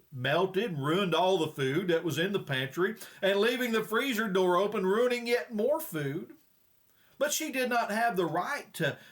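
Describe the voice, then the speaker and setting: A man's voice: high voice, fairly bright tone. A male preacher giving a folksy, plain-spoken sermon with frequent hesitations.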